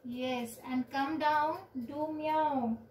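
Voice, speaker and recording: A woman, teaching children yoga on a video call with slow, clear instructions and counting. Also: sits high, steady tone, darkish tone, a little hiss or hum. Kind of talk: online yoga class for children. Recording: roomy, distant from the mic.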